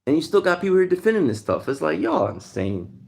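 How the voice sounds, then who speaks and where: A man's voice: a little high, big pitch swings, a little fast, gravelly, darkish tone. Heated man ranting on a livestream. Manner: heated, ranting, reads chat. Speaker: livestream host. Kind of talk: casual livestream monologue.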